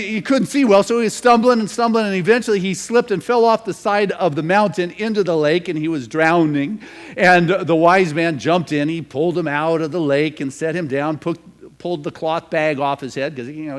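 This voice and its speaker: Guy preaching a sermon, storytelling a parable, kinda high voice, goes quiet then gets loud. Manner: storytelling, rising from hushed to emphatic. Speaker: minister.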